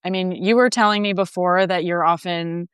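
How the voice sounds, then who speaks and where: American woman host, friendly casual chat, smooth crisp voice, dry close mic. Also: on the low side, steady tone, moderate pace, no room sound. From United States. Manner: friendly, many backchannels. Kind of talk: casual conversation.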